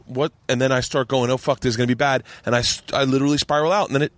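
Swearing, animated male podcast host. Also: medium pitch, racing, no room sound. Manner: animated storyteller, acts out quotes, swears freely. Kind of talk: casual podcast chat.

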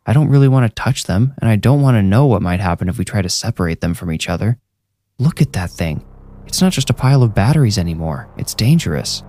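A man's voice: fairly low pitch, lively intonation, fast talker, warm tone. A man voicing a timid, nervous young man who talks anxiously and hesitantly in a horror story. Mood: insistent.

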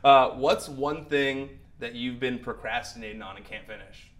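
A male podcast host with a bright, sharp tone. He keeps the chat casual and upbeat, leaning on fillers and laughing along with his guest. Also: medium pitch, moderate pace, a little hiss or hum.

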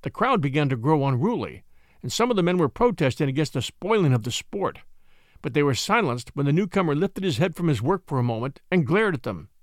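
Expressive man reading a storybook. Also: a little high, a little fast, dry recording, clean studio sound. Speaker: audiobook narrator. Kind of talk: scripted storybook narration.

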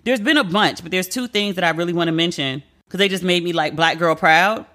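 Woman podcast host, bright tone, candid, slangy, opinionated solo chat. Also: on the low side, fairly quick. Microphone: podcast mic.

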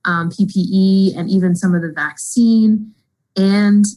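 A woman's voice: medium pitch, fairly even intonation, a little slow, dark tone, low-quality recording. A woman guest, a fraud expert, explaining fluently in an interview. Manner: fluent, explanatory, uses "kind of" often. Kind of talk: interview answers.

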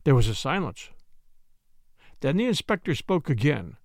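A man giving a measured, expressive first-person narration of a story, recorded on a close mic. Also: mid-range voice, no echo. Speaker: audiobook narrator.

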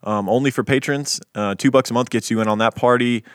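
A man co-hosting a true crime podcast, relaxed and chatty, slowing down to read out listener reviews. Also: mid-range voice, no echo, clean studio sound. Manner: laid-back, slows down to read reviews. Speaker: podcast co-host. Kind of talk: casual podcast banter, reading listener reviews.

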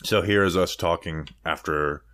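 A man hosting a podcast, introducing archive clips in a relaxed, casual way. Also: low voice, moderate pace. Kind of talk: casual chat.

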